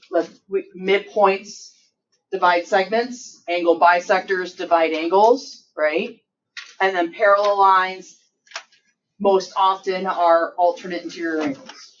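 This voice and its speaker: A woman teaching math to a class, chatty and joking, checking in with the students often. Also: mid-range voice. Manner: chatty, checks in with frequent "right?" and "okay?"; joking, self-mocking asides. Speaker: high school math teacher. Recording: distant dull classroom recording, faint noise.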